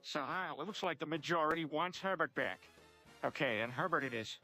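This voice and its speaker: A text-to-speech voice playing a crude, goofy cartoon father, with a flat synthetic delivery. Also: on the high side, a little fast, music in the background, close to an everyday voice.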